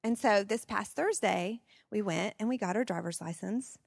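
A woman in her forties telling personal stories at a parenting seminar, expressive and laughing often. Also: medium pitch, normal speed, gravelly, no room sound, studio quality. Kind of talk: personal storytelling talk.

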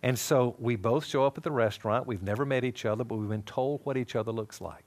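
A man's voice: mid-range voice, fast. A man teaching a Bible lesson in a sermon style, telling stories and acting out the dialogue. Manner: animated storytelling, acting out dialogue.

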